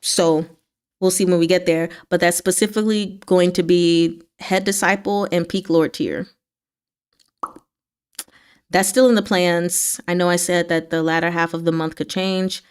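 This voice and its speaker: A woman's voice: measured pace, smooth. Chatty woman hosting a livestream. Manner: chatty, animated pitch swings, talks back to chat. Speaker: book club host. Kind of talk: casual livestream chat with viewers.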